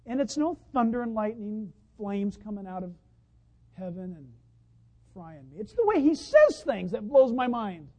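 A male pastor delivering a sermon in a conversational way, asking his congregation many rhetorical questions and swinging between loud emphatic lines and soft murmured asides. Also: very high voice, rough recording.

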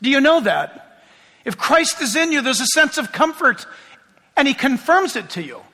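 A man's voice: very high-pitched, very animated, normal speed, sharp tone, big-room sound. A middle-aged man preaching a sermon as pastor, telling chatty stories with self-deprecating humor.

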